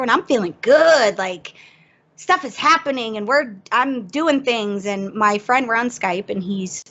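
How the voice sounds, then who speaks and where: A woman chats on a podcast and tells a story against herself, lively and laughing at her own blunders. The audio is dull and lo-fi, as if through a cheap mic. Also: mid-range voice. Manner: animated, self-mocking, laughs through the story. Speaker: podcast guest. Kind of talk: casual storytelling chat.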